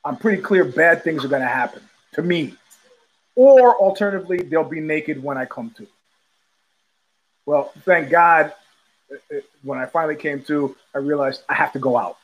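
A man's voice: fairly high pitch, normal speed, long pauses, poor audio. A man hosting a podcast, telling a casual rambling story with many restarts and repetitions. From United States. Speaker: podcast host.

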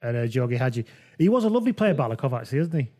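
Guy rambling about old football games on a podcast, warm dark voice, keeps restarting sentences. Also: medium pitch, very fast. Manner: relaxed, rambling, self-correcting. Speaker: podcast host. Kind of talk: casual football chat.

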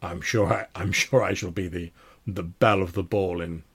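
A grand, imperious baron speaks with lordly disdain, as a man puts him on at the game table. His voice is deep and gravelly, with a rough, husky texture. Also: steady tone, moderate pace, a bit bright, exaggerated voice. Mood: haughty. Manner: haughty, imperious. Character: booming deep-voiced aristocratic male vampire baron.

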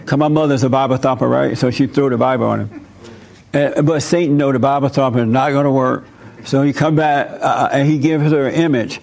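An older man preaching a sermon, telling a story in an animated way and acting out the voices of the people in it. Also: mid-range voice, brisk, gravelly. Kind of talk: sermon with role-play demonstration.

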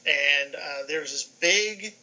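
A middle-aged man from New York, a guest on a video call, telling lively stories and acting out the dialogue in them. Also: fairly high pitch, takes it slowly, rough recording. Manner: animated, acts out dialogue in his anecdotes. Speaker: guest, sports information director. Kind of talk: casual storytelling on a podcast.

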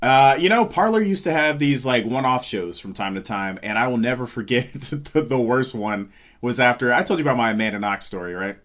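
A man's voice: medium pitch, a little fast. A man chatting casually on a podcast, telling a long story with acted-out quotes and plenty of swearing. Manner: animated storyteller, acts out quotes, swears freely. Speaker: comedian guest.

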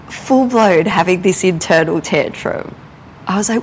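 A young adult woman, telling a candid personal story in a casual, animated way while she works in her art studio. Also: on the low side, measured pace, a little hiss or hum, rough recording. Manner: animated, candid, often swears and laughs. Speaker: artist and podcast host. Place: art studio, drawing and climbing ladders while talking.

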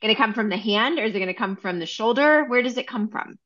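A woman's voice: a little high, lively intonation, quick pace, a bit bright, lo-fi sound. A woman co-hosting a podcast, asking follow-up questions in casual interview chat. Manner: asks follow-up questions, short affirmations.

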